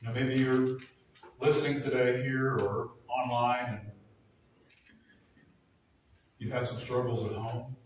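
A man's voice: mid-range voice, steady tone, takes it slowly, long pauses, slight background noise. A man preaching a sermon as pastor, earnest and building to emphatic peaks. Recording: echoey room from far off.

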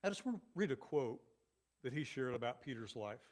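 A male pastor delivers a sermon in a conversational, animated style, tossing many asides to the congregation. His voice sits in the mid-range and his pace is brisk.

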